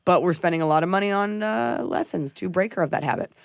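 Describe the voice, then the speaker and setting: A blunt woman comedian hosts a casual podcast chat, with a gravelly fry running through her speech. She swears freely and acts out the people in her stories. Her voice sounds close and dry. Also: lowish voice, fast, no room sound. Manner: blunt, profane, storytelling with acted-out quotes. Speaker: podcast host and stand-up comedian.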